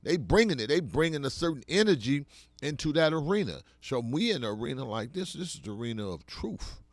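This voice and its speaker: A man speaks in an impassioned, preaching style. His voice swells into loud, forceful bursts and then drops back. The sound is close and dry. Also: fairly high pitch, sing-song, a little fast, no echo.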